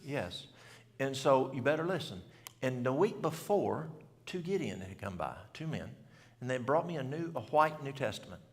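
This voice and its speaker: A man's voice: medium pitch, big pitch swings, moderate pace, few pauses, in a large hall. A man, telling a story in a folksy, country way at a church event and asking the audience questions. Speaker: health speaker. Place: church hall.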